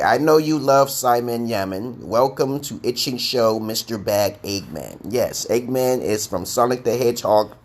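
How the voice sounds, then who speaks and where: A man teaching English on a live stream, reading out viewers' comments in a playful, boastful way. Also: lowish voice. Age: adult. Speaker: online English tutor.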